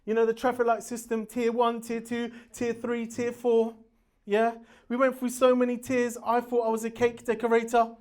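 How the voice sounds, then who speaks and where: A man doing a stand-up comedy routine on stage, loud and brash, laughing at his own jokes. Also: extremely high pitch, completely flat delivery, normal speed, smooth.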